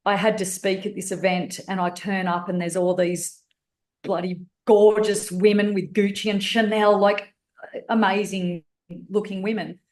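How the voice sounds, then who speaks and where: A woman's voice: medium pitch, little pitch movement, measured pace, darkish tone, echoey room. A woman with an Australian accent telling her life story candidly as a podcast guest, blunt and swearing freely. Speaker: guest speaker and author.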